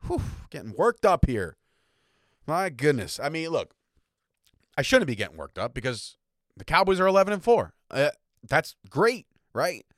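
This podcast host's fairly high voice swoops wildly in pitch at a normal speed, broken by long pauses, with a slightly bright, clean studio sound and no room noise. Coughing a little, he rants combatively about sports from his home attic room, tacking "right?" and "okay?" onto his lines.

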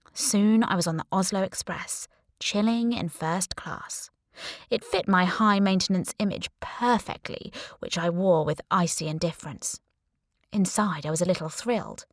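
A woman reading a first-person audiobook in an expressive, wry and playful way. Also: mid-range voice, no room sound, clean studio sound. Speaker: audiobook narrator.

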